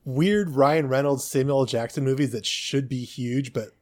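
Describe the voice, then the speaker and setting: A man's voice: medium pitch, moderate pace. A man co-hosting a podcast, chatting casually and eagerly about TV shows. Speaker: podcast co-host. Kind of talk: casual movie chat.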